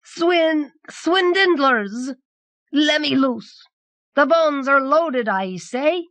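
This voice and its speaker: A woman's voice: sits high, expressive, very slow, a bit bright, no room sound, voice pushed up, heavily acted. A woman voicing a panicked drunken man in fine clothes who shrieks for help and slurs his words. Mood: panicked shrieking. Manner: shrieking, slurred drunken speech.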